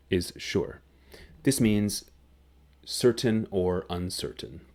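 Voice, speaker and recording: A man teaching a grammar lesson, explaining slowly and clearly. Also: fairly low pitch, animated, darkish tone. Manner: slow, clear, deliberate explanation. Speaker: English teacher.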